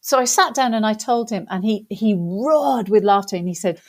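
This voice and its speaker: A woman with a British accent, a guest in an interview, telling a funny story in a lively way and acting out the voices of the people in it. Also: mid-range voice, normal speed, few pauses. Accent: British English. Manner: lively animated storyteller, acts out quotes.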